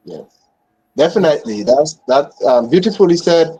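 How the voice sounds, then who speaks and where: A man's voice: on the high side, lively intonation, moderate pace, muffled recording. A Grenadian man hosting a casual live interview, affirming his guest often, with many fillers and repeated words. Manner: friendly, warmly affirming, frequent fillers and repeats. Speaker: host.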